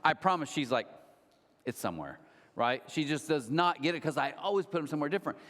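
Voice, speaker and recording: A man in his thirties preaching a sermon, telling stories with lively acted-out quotes. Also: on the high side, fast. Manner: animated storytelling with acted-out quotes. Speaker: pastor. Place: large church hall. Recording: long hall reverb.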